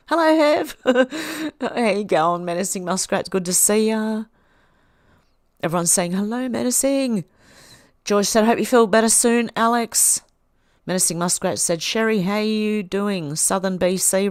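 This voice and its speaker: A woman's voice: mid-range voice, no echo, clean studio sound. A middle-aged Australian woman hosting a livestream, casually reading viewers' comments aloud and answering them with small laughs. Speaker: livestream host.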